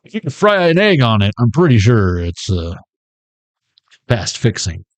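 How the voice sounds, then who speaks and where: A man's voice: mid-range voice, very animated, moderate pace, no room sound. A man giving a casual tarot reading, rambling and cursing as he jokes and laughs at his own lines. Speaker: tarot reader.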